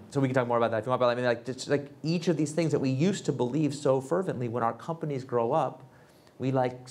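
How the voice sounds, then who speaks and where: A man in his thirties, an author and entrepreneur, telling animated stories at a fireside chat and acting out the people he quotes. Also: medium pitch, gravelly, slight background noise. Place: event space with audience.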